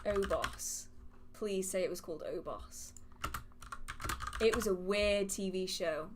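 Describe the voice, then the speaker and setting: A woman hosting a live witchcraft Q&A, chatty and animated, laughing often as she reads questions from the chat. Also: mid-range voice, slow pace, noisy background. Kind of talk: casual livestream Q&A, reading chat questions aloud.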